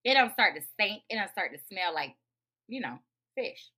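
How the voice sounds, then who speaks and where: Lively bright-voiced woman ranting. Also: medium pitch, moderate pace. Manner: profane, emphatic, animated. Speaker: podcast host. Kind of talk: casual ranting monologue.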